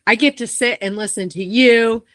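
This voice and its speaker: A woman's voice: a little high, moderate pace, fairly bright tone, dry recording, clean studio sound. A woman hosting a podcast, talking reflectively and thinking aloud with restarts. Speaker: podcast host. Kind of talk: casual chat.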